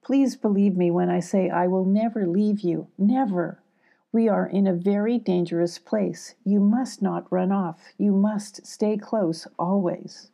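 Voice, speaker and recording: A woman's voice: mid-range voice, measured pace, creaky, dark tone. An older woman reading the part of an animal mother of two cubs, firm and caring, in a storybook.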